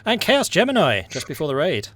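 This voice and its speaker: A man's voice: a little high, huge pitch swings, brisk, fairly bright tone, dry recording. A man hosting a tabletop game stream as game master, chatting casually and thanking subscribers. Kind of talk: casual chat between game sessions.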